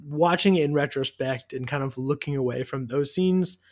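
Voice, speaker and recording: A young man from the US Northeast co-hosting a casual movie podcast, excited and fast, full of "like" and "dude". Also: mid-range voice. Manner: animated, fast, leans on "like" and "dude". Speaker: podcast co-host. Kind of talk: casual movie-review chat.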